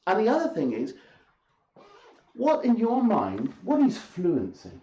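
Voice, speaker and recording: A man's voice: high voice, wildly swooping pitch, measured pace, warm tone, lo-fi sound. A man lecturing an audience as an English teacher in a hall, speaking emphatically, with repetition and rhetorical questions. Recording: echoey hall.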